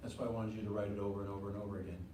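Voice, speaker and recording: A man's voice: lowish voice, flat delivery, rapid-fire, background noise. A man teaching a faith class in a meeting room, talking conversationally, repeating his points and asking the group questions. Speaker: ministry teacher. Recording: very echoey room from far off.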